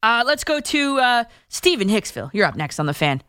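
A woman hosting a call-in sports radio show, giving quick, emphatic opinions with frequent restarts. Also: a little high, sing-song, fairly bright tone, smooth, no room sound, clean studio sound. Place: radio studio.

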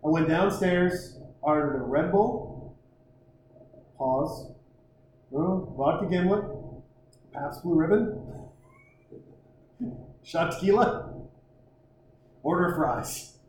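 A man's voice: fairly high pitch, takes it slowly, pauses often, a little mellow, very echoey, slight background noise, rough recording. A man telling a crude, rambling, self-mocking comic story and acting out the other people in it.

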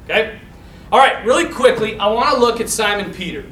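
A man giving a casual, animated Bible teaching to a class, talking loosely with fillers and restarts. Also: sits high, fairly quick, reverberant, distant mic, slight background noise, rough recording. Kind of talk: casual teaching talk to a mixed group.

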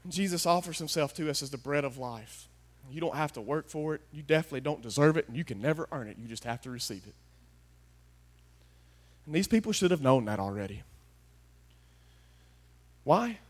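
High-voiced preacher, hushed to shouting. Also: male voice, lively intonation, a little fast, pauses often. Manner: folksy, swings from hushed to shouting. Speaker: pastor. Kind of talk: sermon.

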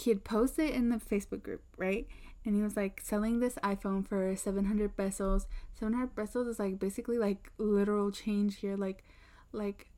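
A young woman talks in a loose, rambling way. She leans on fillers and restarts as she tells a story at her desk. Her voice sits at an average pitch. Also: dark tone. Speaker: podcast host. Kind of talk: casual chat. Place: indoors at a desk.

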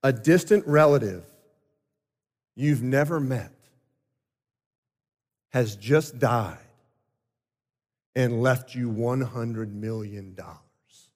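A man preaching voices a calm father quietly telling his young son some startling news, in a large echoing hall. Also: medium pitch, takes it slowly, pauses often, voice pushed down, natural voice. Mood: solemn. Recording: long hall reverb.

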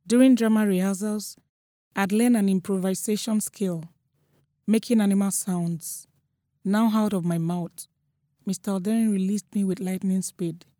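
A young woman with a Nigerian accent telling a first-person story in a steady, matter-of-fact way. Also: mid-range voice, normal speed, dry recording, studio quality. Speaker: narrator.

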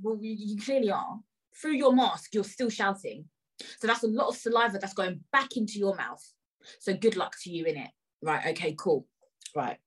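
A young woman with a London accent telling an animated, indignant story in a casual rant, full of swearing and slang. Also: fairly high pitch, fairly quick, breathy edge, low-quality recording. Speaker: vlogger.

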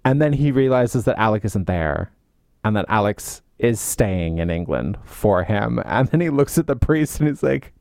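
A man's voice: fairly low pitch, moderate pace, vocal fry, no room sound, clean studio sound. A man chatting casually about a film, recounting the plot and mimicking the characters as he goes. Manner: expressive storyteller, mimics characters, laughs often.

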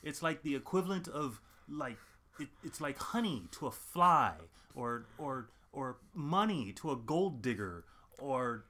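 A man's voice: mid-range voice, expressive, measured pace, bright, forceful tone. A man in his thirties co-hosting a casual podcast, ranting with crude jokes and strong emphasis. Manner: crude, joking, emphatic rants. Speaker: podcast co-host. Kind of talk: casual chat.

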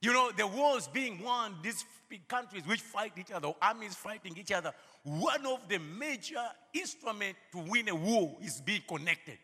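High, raspy preacher man in a hall. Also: lively intonation, moderate pace. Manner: repeats "you know" often, laughs between phrases; rises to shouting calls at peaks. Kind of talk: sermon. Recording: long hall reverb.

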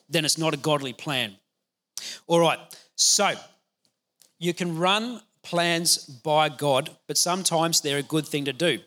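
Male pastor, fairly high and bright voice, lively conversational preaching. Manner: energetic, conversational preaching with laughs. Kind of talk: sermon.

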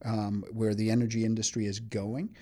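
A man's voice: on the low side, little pitch movement, moderate pace, warm tone. A middle-aged man from England, a studio guest on a radio talk show, chatty with many restarts. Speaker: economic development chief, studio guest. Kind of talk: casual radio interview.

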